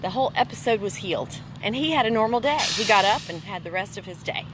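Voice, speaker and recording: A woman's voice: mid-range voice, animated, fast talker, noisy background. A woman host sharing a personal faith testimony in casual conversation, earnest and emphatic, repeating phrases for weight. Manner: earnest preaching tone.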